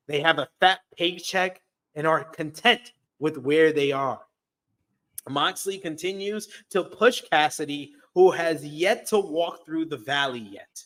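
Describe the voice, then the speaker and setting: A man's voice: a little high, fairly bright tone. A man co-hosting a wrestling review show, reading a blunt, wry recap of the episode.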